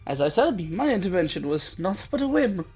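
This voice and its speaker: Man doing a female sword warrior, put-on British accent, higher voice, aloof, clipped. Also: very animated, fairly quick, darkish tone, husky, lo-fi sound, soft background music, heavily acted. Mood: dismissive.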